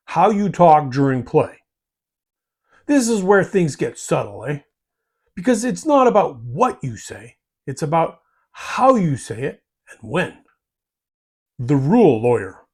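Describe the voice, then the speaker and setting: A man's voice: fairly high pitch, darkish tone. A man, hosting a hobby channel with scripted comedic advice, folksy and teasing, tagging his lines with slangy asides.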